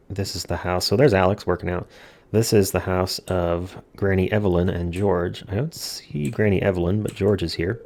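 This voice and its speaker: Deep-voiced male let's play host, casual and jokey, faint music under him. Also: vocal fry, a little mellow. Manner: jokey, self-deprecating asides. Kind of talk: casual gameplay commentary.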